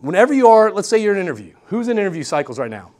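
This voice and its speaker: Upbeat man giving a lecture, higher voice. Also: rapid-fire. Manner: energetic, repeats key points and checks in with "all right?". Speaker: guest lecturer. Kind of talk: university workshop talk. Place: lecture room.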